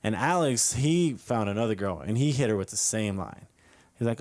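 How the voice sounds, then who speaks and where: Performing at an open mic in a comedy club, this young comic rambles through a filler-heavy story and laughs at his own jokes. He sounds animated and a little mellow, with a medium pitch and moderate pace.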